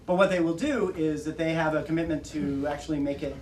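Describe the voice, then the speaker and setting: A man with a slightly high voice tells stories to a bookstore audience, laughing often and acting out the lines of other people. The recording is roomy and distant, with light hiss. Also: fairly even intonation, fast, a little mellow. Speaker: author at a bookstore talk. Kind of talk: casual storytelling to an audience. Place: bookstore event room. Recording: roomy audio from far off.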